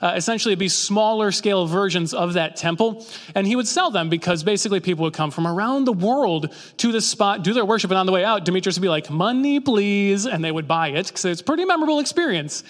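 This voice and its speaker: Male pastor, casual conversational sermon, high voice, acts out quotes for laughs, long hall echo. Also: animated, fast talker. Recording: long reverb of a large hall.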